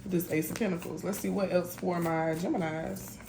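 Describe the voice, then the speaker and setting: A woman's voice: fairly low pitch, fairly even intonation, moderate pace, gravelly, noisy background. A woman doing a casual tarot reading, chatty and blunt, talking straight to her viewers. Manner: chatty, blunt, lots of "y'all" and "like". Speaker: tarot reader.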